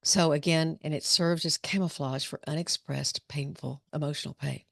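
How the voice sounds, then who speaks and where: Low, gravelly-voiced woman psychologist. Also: steady tone, moderate pace, no echo, studio quality. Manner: conversational, storytelling with restarts. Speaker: psychologist leading a discussion. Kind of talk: informal talk to students.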